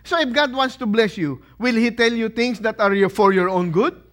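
A man preaching a sermon as pastor, posing questions to the congregation and answering them with emphatic, animated delivery. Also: high-pitched, normal speed.

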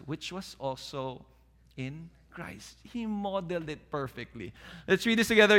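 Man preaching in a church hall; high, bright, animated delivery with long reverb. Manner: animated preaching, drops to soft calm voice when quoting. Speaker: pastor. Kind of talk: sermon.

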